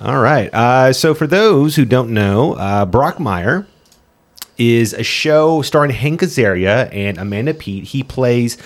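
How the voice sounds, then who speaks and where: A man's voice: mid-range voice, lively intonation, measured pace. A man co-hosting a casual podcast, talking through shows and movies with many fillers and restarts. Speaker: podcast co-host.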